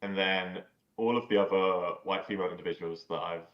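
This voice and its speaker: A man's voice: low voice, steady tone, fairly quick. A man chatting casually as a podcast guest, rambling with lots of "like" and casual swearing. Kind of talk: casual chat. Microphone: video call. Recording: dull lo-fi call audio.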